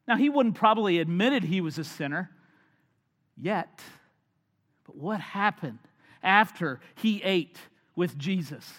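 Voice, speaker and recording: A man preaches a sermon in a fairly high voice, rising to loud emphatic points and then dropping to quiet, almost whispered lines. His voice rings out in a big hall with a long, lingering reverb. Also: animated, measured pace. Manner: dynamic, swings from loud emphasis to hushed near-whispers. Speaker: pastor.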